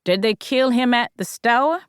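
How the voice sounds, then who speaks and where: A woman doing a gruff, folksy Southern sheriff. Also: fairly high pitch, unhurried, dry recording, clean studio sound, pitched above the performer's own voice, natural voice. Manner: blunt, folksy, suspicious. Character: gruff drawling male small-town Southern sheriff.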